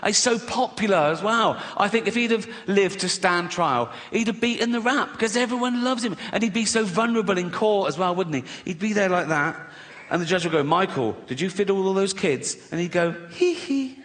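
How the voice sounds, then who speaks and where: A man's voice: high voice, fairly quick, fairly bright tone. A man with an English accent doing a stand-up routine, chatty, teasing the crowd and laughing at his own jokes. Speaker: stand-up comedian. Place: large concert hall on stage. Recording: echoey hall, live audience noise.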